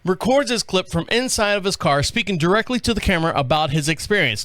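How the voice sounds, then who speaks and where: Guy hosting a talk podcast, rambly and chatty, kinda high voice, dead dry studio mic. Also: lively intonation, brisk, hardly any pauses, a bit bright, no room sound. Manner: rambling, chatty, stumbles over names. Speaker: podcast host. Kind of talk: casual talk show monologue. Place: small radio studio. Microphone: studio mic on a stand.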